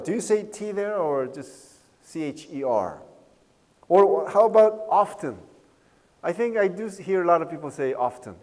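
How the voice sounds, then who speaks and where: A man's voice: a little high, a little mellow, in a large hall. A man giving a university lecture in a casual, jokey way, often checking with the class by asking "right?" and "okay?". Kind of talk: recorded online lecture.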